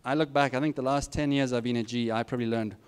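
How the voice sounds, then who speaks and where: His mid-range voice is clean and steady in tone, and he talks rapid-fire. The middle-aged man is a guest speaker giving students informal, frank career advice sprinkled with self-deprecating jokes.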